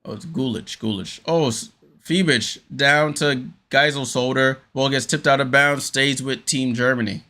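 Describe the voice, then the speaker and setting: A man hosting a casual fan watchalong, calling the game play by play with frequent fillers and sudden jumps of excitement on big plays. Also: mid-range voice, moderate pace. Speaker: host.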